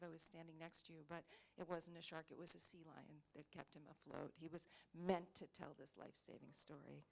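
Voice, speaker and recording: Low, gravelly woman telling a story. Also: poor audio. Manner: animated storytelling. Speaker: conference panelist. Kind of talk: panel discussion storytelling.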